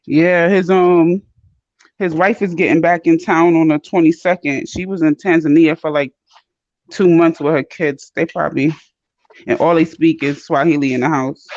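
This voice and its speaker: A woman calling into an online chat show, playful and chatty with a slangy, relaxed way of talking. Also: low-pitched, normal speed, no room sound. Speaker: caller. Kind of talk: casual call-in chat. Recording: dry dull call audio.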